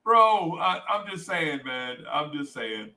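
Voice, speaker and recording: Man, livestream host, animated storytelling, bright tone, fairly high pitch. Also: slow, poor audio. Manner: animated storyteller, acts out voices, reads chat aloud.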